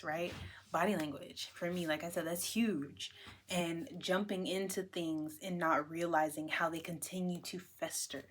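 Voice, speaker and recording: Young adult woman, podcast host, slightly low voice, casual emphatic chat. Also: fairly bright tone, slight background noise. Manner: conversational, emphatic, often asks "right?" and "okay?". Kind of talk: casual solo podcast talk.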